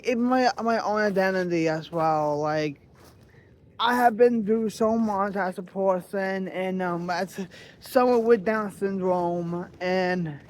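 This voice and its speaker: A man talking in a personal reflective vlog, halting and earnest, searching for his words. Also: high voice. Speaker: vlogger.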